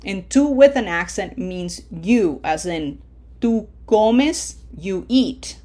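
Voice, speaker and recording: Slow, patient Spanish teacher woman. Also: medium pitch, lively intonation, dark tone. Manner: patient, repeats "okay?" often, models words slowly. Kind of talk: classroom lesson.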